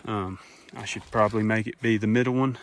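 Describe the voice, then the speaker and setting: Working on fencing in a farm field, a young farmer talks plainly to a phone camera propped close by, thinking aloud for his vlog. He speaks fairly quickly on the low side in a steady tone, and there's a little hiss or hum.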